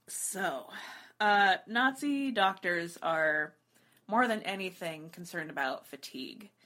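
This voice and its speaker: A woman's voice: fairly low pitch, lively intonation, takes it slowly, pushed and bright. Rambling, giggly woman co-host. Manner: rambling, self-interrupting, giggly. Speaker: podcast co-host. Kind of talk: casual chat.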